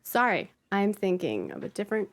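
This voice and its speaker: A woman's voice: medium pitch, big pitch swings, fairly quick. A woman running a tabletop game as game master, describing the scene in a rambling, cheerful way full of ums and likes.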